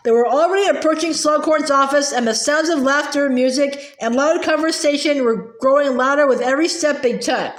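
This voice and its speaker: A woman reading a novel aloud in a high voice, stumbling now and then with fillers and restarts. The recording has a noticeable roomy echo. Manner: halting, with frequent uh fillers and restarts. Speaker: audiobook reader. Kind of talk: amateur read-aloud narration.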